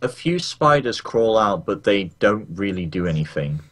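A man running a tabletop game as game master, narrating in a dry, deadpan way. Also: on the low side, moderate pace.

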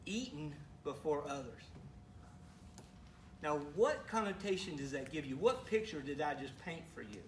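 A male pastor preaching a sermon in a relaxed, conversational way, asking the congregation questions and making teasing asides. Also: a little high, moderate pace, recorded from a distance, a little hiss or hum. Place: church sanctuary. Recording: echoey room, speaker away from mic.

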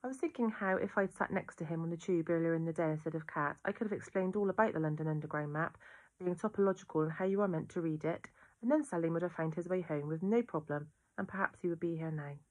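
A woman reading a children's novel aloud in a steady, even storytelling voice. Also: on the low side, fast talker. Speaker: reader.

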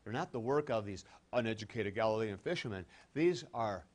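A man giving a classroom theology lecture, animated and emphatic, swinging between loud stresses and quiet asides and acting out imagined objections. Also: fairly low pitch, fairly quick. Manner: conversational, acts out imagined objections. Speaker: theology professor.

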